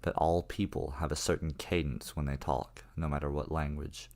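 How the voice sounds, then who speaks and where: A man's voice: extremely low pitch, fairly even intonation, moderate pace, darkish tone. A man narrating a horror story in a casual, profane first-person manner. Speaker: creepypasta narrator.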